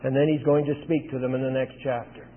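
A man preaching a sermon, retelling a scripture scene in plain storytelling with frequent pauses. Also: mid-range voice, little pitch movement. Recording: tinny phone-like sound with long hall reverb.

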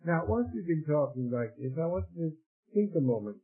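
A man's voice: on the high side, animated, fairly quick, slightly rough. A man preaching a sermon to a congregation, retelling a Bible story in an earnest, storytelling way and repeating words when he stumbles. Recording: tinny phone-like old radio recording.

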